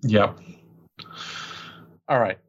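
A man co-hosting a podcast, chatting casually about fights and reading out betting odds. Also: drawn-out words. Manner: conversational, runs the betting odds. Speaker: podcast co-host. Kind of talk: casual sports chat. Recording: slightly dull lo-fi audio.

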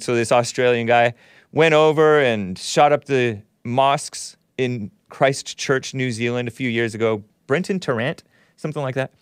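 A man's voice: medium pitch, no echo, clean studio sound. A man hosting a solo commentary show, sarcastic and given to chuckling at his own remarks. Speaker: show host.

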